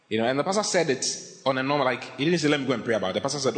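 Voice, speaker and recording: A man preaching a sermon as pastor, animated and laughing often, acting out the voices of people he quotes. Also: mid-range voice, quick pace. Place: church hall. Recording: echoey hall reverb.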